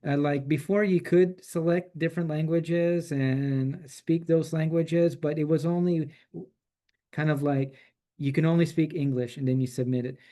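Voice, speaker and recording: Man casually demoing software features. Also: on the high side, moderate pace. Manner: relaxed, chatty, many fillers and restarts. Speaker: presenter demonstrating software.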